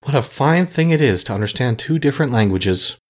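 The Scarecrow king, as a man voices him, pompous and lively. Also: medium pitch, fairly quick, pitched above the performer's own voice, close to an everyday voice. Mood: fussy. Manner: pompous and lecturing, then mild. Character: straw-stuffed scarecrow king, pompous yet kindly. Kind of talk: audiobook character voice.

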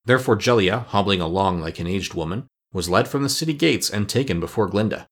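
A man narrating a classic children's storybook in a measured, even reading. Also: on the low side. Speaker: audiobook narrator. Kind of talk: scripted narration.

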